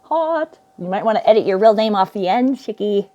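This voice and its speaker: A woman's voice: mid-range voice, normal speed, warm tone, lo-fi sound. A woman in her forties vlogging at home, rambling through spiritual musings, often laughing and trailing off mid-thought. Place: indoors at home by a window.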